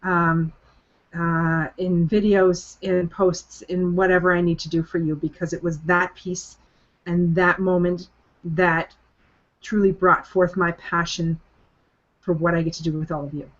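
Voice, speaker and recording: A woman's voice: lowish voice, little pitch movement, unhurried. Earnest woman on a dull call line. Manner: earnest and emphatic, repeats phrases for stress. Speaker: coaching program leader hosting a group call. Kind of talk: motivational talk on a conference call.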